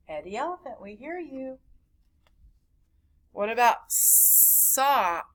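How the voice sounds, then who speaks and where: A woman teaching a recorded phonics lesson to young children, slowly stretching out and repeating each sound in a sing-song way. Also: fairly high pitch, animated, fairly bright tone. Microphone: camera recording at a desk.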